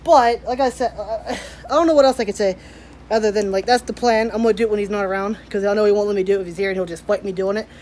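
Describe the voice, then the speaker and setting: A woman's voice: medium pitch, fairly even intonation, fast, a little mellow, slight background noise. A young woman walking and talking through her garden for her daily vlog, rambling and chatty with lots of "like". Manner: rambling, chatty, frequent "like" fillers. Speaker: daily vlogger. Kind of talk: casual walk-and-talk vlog. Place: outdoors in a garden. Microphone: handheld camera while walking.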